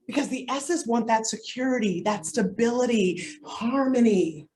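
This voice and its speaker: A woman coach presents to a live room, animated and playful. Her voice sits a little high. She is caught from a distance in an echoey space. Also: normal speed, a little hiss or hum. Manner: animated and playful, with comic asides. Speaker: workshop coach.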